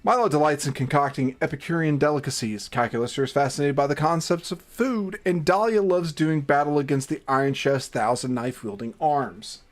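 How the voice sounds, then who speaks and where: A man's voice: a little high, brisk, few pauses. A man hosting a gaming livestream, reading game text aloud between profane, self-mocking banter and exasperated outbursts.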